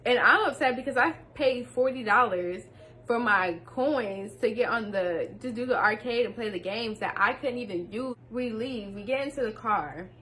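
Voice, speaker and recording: A woman's voice: a little high, normal speed, bright, forceful tone, slight background noise. A young woman telling a casual storytime, slangy and talking straight to viewers. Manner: slangy, addresses viewers directly.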